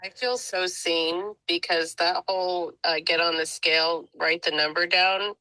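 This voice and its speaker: A woman's voice: fairly low pitch, fairly even intonation, unhurried, dry recording, poor audio. A woman on an online group call, gushing and chatty as she shares an update and thanks everyone. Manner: gushing, chatty and warm-hearted. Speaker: community member sharing an update.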